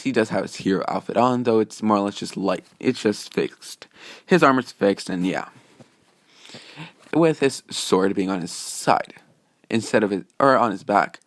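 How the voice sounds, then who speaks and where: A man's voice: on the low side, no echo, studio quality. A man casually narrating a fan-made story, rambling, restarting sentences and padding with "just saying".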